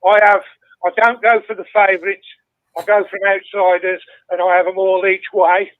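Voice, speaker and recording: A man's voice: high-pitched, normal speed, no room sound. An older man calling in to a radio phone-in and telling a story with heavy swearing. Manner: swears constantly, animated storytelling. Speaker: caller. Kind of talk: casual phone-in chat. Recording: tinny phone line.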